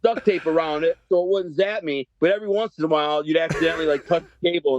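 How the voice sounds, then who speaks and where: A man in his fifties from the Detroit area, telling a story as a podcast guest in animated, profane street slang. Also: fairly high pitch, fast talker, lo-fi sound, a crowd in the background. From Detroit area, Michigan. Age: 50s. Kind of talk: storytelling interview.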